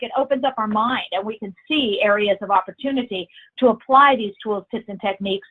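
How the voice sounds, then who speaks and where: A woman's voice: medium pitch, a bit bright, poor audio. A woman presenting a corporate training webinar, emphatic and encouraging, repeating her key phrases.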